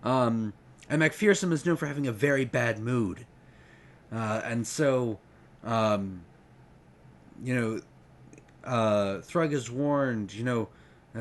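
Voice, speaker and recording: Man recapping a fantasy novel, casual, rambling, lots of ums, mid-pitched. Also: slow, long pauses. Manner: rambling, hesitant, many ums. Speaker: book reviewer. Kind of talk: casual book retrospective.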